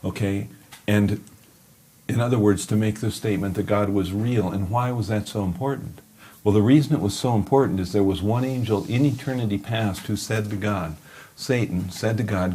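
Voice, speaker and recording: Low-voiced male Bible teacher. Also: normal speed, darkish tone, husky. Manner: storytelling, asks and answers his own questions. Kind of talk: teaching sermon.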